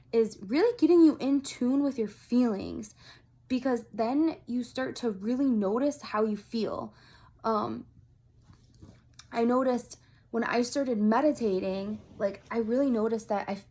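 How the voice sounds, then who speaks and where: Chatty, upbeat woman vlogger. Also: fairly high pitch. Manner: chatty and upbeat, many fillers like "like" and "um"; earnest, animated storytelling. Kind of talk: casual talk to camera.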